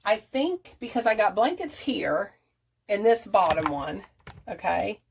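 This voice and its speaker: A woman in her bathroom chats to the camera as she organizes shelves and cabinets. Her mid-pitched voice has a gravelly fry running through it, and she laughs often and thinks out loud. A faint background hiss sits under her voice, with a few clicks. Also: sing-song, a little slow. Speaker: budget and declutter vlogger. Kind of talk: casual chatty vlog, talking to viewers while organizing. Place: home bathroom. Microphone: camera set up nearby, moved around.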